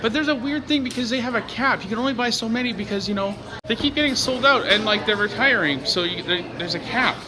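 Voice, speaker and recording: A man's voice: very high voice, quick pace, a crowd in the background. A young man vlogging casually while out and about, joking and rambling in a chatty way. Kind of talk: casual vlog chat.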